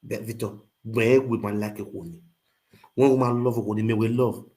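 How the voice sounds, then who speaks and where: A man's voice: fairly even intonation, a little fast. Nigerian Pidgin man ranting animatedly. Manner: swings between loud outbursts and low muttering. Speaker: social media livestreamer. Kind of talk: animated storytelling rant.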